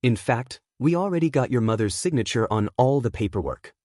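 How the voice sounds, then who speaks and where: A man voicing a cheerful, scheming male school principal in a fan story reading, chipper and smooth. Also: mid-range voice, lively intonation, fairly quick, darkish tone, no room sound, studio quality, close to an everyday voice.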